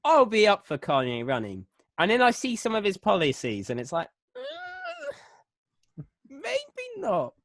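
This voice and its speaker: A young podcast co-host in casual chat, animated and laughing a lot. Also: mid-range voice, a little fast, no echo, studio quality.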